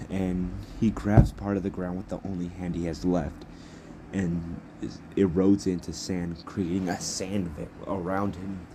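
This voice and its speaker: A man's voice: deep voice, background noise. A young man improvising a fan story as narrator, rambling and correcting himself as he goes.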